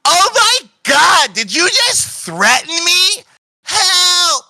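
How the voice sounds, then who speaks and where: A man's voice: very high-pitched, big pitch swings, very slow, creaky, sharp tone, no echo, pitched above the performer's own voice, full character voice. A man voicing a young woman passenger who screams for help on a train. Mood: panicked shrieking. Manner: shrieking, panicked.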